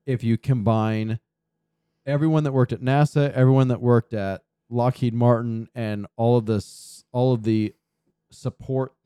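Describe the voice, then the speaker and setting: A man in casual podcast chat, sarcastic and animated, swearing heavily as he mocks. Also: medium pitch, clean tone, dry recording, clean studio sound.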